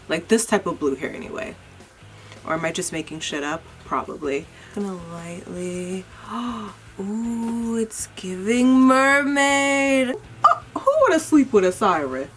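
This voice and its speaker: A woman's voice: lowish voice, fairly bright tone. Young woman, beauty vlogger, casual chat, swears a lot, self-mocking, faint music behind.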